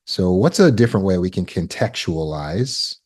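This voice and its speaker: Low-voiced, encouraging male coach. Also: animated, normal speed, a little mellow. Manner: encouraging, affirms with "good" and "right?". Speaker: healing coach. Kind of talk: live online teaching session. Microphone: video call.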